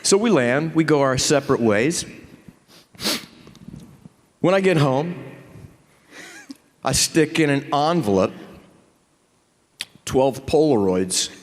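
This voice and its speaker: A middle-aged man telling a story on a convention stage, animated and profane, acting out both sides of the exchange. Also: medium pitch, takes it slowly, long pauses, a little hiss or hum. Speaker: convention panel guest. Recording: hall reverb from a convention stage.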